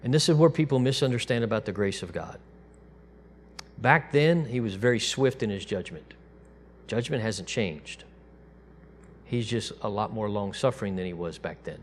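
A man preaching a sermon to his congregation in a relaxed, conversational way, dropping to a soft, quiet voice when he quotes God. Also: on the low side, normal speed. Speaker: pastor.

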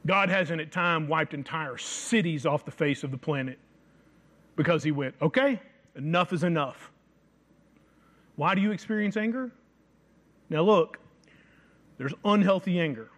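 A man preaching a sermon, reading scripture aloud and slowing down to stress key phrases. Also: on the high side, fairly bright tone.

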